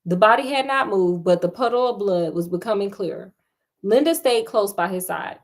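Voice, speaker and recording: A woman's voice: mid-range voice, normal speed. Woman reading a story with sassy asides. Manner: sassy, laughing asides to listeners.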